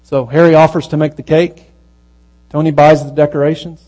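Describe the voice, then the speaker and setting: Preacher, man, slightly high voice, relaxed storytelling sermon, low mains hum under it. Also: rough recording. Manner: conversational storytelling that grows hushed and slow at the moving parts.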